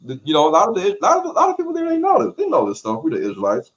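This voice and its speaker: A man with an African American English accent, a guest in an interview, telling stories in an animated way, repeating phrases and acting out quotes. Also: high voice, rapid-fire. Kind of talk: animated conversational storytelling.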